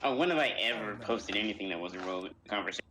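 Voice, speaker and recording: A man's voice: fairly low pitch, lively intonation, very fast, noisy background. A man joking around with friends during a game stream. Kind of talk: casual gaming chat.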